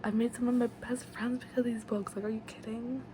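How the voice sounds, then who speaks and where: A woman's voice: fairly high pitch, little pitch movement, a little fast, noisy background. A young woman giving a rambling, casual book recap to camera, full of fillers and gushing asides. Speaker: book vlogger.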